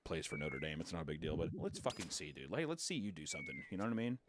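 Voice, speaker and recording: A man's voice: low-pitched, sing-song, quick pace, over loud music. A man streamer reacting to a video in casual, profane, joking commentary.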